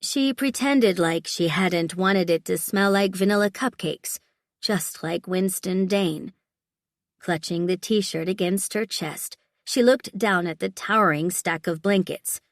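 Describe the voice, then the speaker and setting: Brief: woman narrator, audiobook reading, lowish voice, dry close recording. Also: dry recording. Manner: steady, measured storytelling. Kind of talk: scripted narration.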